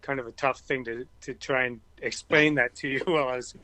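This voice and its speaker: A man's voice: medium pitch, steady tone, brisk, sharp tone. A man joining a casual video-call chat as a regular guest, easygoing and joking, mostly giving short replies.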